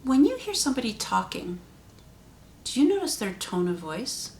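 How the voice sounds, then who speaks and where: A woman hosting her own vlog, talking straight to the viewer and shifting her pitch and loudness for emphasis. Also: big pitch swings, moderate pace, a little hiss or hum. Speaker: channel host. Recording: roomy echo.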